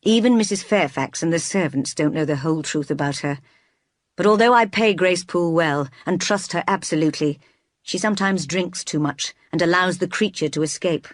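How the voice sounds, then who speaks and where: A woman reading the lines of a passionate, brooding gentleman, master of a manor, in an audiobook, with pleading and sometimes forceful delivery. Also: on the low side, moderate pace, no echo, studio quality, natural voice. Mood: confessional.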